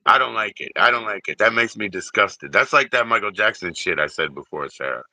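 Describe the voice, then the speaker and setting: A man's voice: on the low side, lively intonation, a little fast, pushed and bright, no echo, poor audio. A man hosting a livestream, ranting in a profane, rambling and heated way. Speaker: livestream host. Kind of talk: casual livestream rant.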